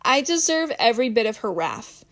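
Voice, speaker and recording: A woman's voice: fairly high pitch, sing-song, moderate pace, fairly bright tone. A woman voicing a guilty young woman who speaks in a small, pleading, apologetic voice.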